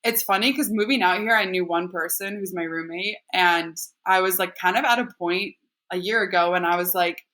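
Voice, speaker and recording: Chatty woman guest on a podcast, bright voice, laughs a lot, says like constantly. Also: on the low side, normal speed. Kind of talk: casual chat.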